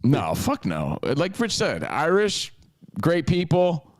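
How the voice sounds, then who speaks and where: A man's voice: on the high side, huge pitch swings, slow, no room sound, clean studio sound. A man co-hosting a podcast in casual chat, joking crudely from a hotel. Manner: crude, jokey banter. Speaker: podcast co-host. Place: hotel in Las Vegas.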